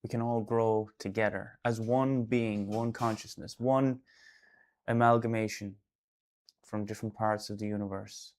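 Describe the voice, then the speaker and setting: An Irish artist hosting a casual live stream, rambling loosely and breaking into sudden loud bursts now and then. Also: male voice, on the low side, level tone, unhurried. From Ireland.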